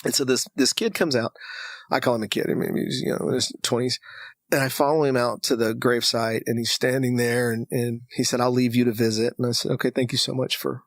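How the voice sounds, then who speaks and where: Guesting on a podcast, a man from Texas animatedly recounts a personal story, voicing the dialogue of each person involved. He speaks a little fast at medium pitch, and the recording is clean studio sound with no room sound.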